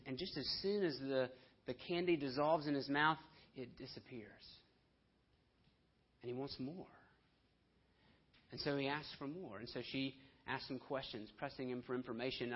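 A man preaching a sermon with passion, dropping to hushed lines and then rising to loud, emphatic ones. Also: mid-range voice, normal speed, breathy edge. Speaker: pastor. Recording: dull lo-fi sermon audio.

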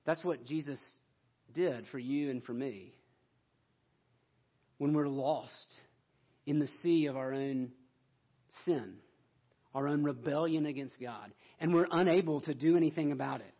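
A man's voice: on the high side, a little slow, pauses often, highs cut off. A man preaching a sermon in an earnest way, pushing up into emphatic questions.

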